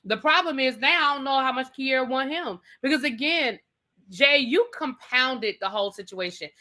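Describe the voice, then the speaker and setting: Bright-voiced, opinionated woman co-host. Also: sits high, animated, moderate pace. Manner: opinionated, emphatic, addresses people directly. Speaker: podcast co-host. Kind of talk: casual recap chat.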